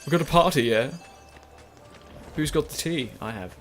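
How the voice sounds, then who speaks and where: A man's voice: on the high side, lively intonation, moderate pace. Young man, casual let's-play chatter, rambling and self-correcting, faint game music underneath. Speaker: gaming YouTuber.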